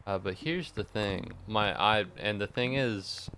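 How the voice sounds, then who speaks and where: A man's voice: fairly low pitch, measured pace, background noise. A tired young man streaming while he plays a game, chatting casually in a rambling, self-mocking way and swearing freely. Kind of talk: casual chat while gaming.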